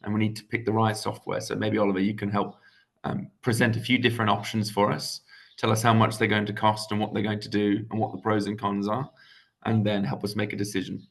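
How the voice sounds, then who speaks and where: A young man from England speaks as a guest on a video call, relaxed and full of ums and little restarts. His voice sits low with a gravelly, creaky texture. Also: quick pace. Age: young adult. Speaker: guest economist. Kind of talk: casual video-call interview.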